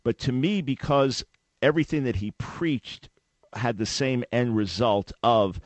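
A man hosting a radio debate with a caller, talking fast and often restarting his words as he jumps in. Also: mid-range voice, no room sound. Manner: interjecting, repeats words when starting a thought. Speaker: radio show host.

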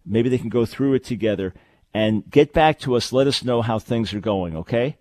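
A man's voice: medium pitch, moderate pace, a little mellow. A man hosting a call-in radio show, talking in an earnest, emphatic way and repeating phrases for stress. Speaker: radio talk show host. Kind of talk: call-in radio advice and announcements.

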